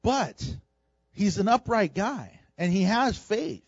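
A man preaching a sermon, animated and humorous, acting out the people in his story. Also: sits high, slow pace, no echo, dull audio. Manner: animated preaching, acts out quoted voices with humor. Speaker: pastor.

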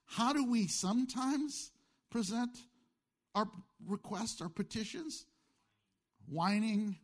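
A male pastor delivers a sermon in a fairly high, very expressive voice that swings up and down. He asks the congregation questions, answers them himself, and slips in playful asides. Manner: jokey asides.

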